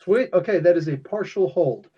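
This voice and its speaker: A man's voice: high voice, expressive, normal speed, slightly rough. A man acting as game master, explaining the rules loosely and laughing often. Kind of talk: running a tabletop game. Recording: dull lo-fi sound.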